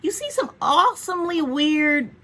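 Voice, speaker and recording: A woman's voice: high-pitched, lively intonation, normal speed, fairly bright tone. A woman vlogging from home in a frank, profane, chatty way about caring for her dog. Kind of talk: casual rambling chat.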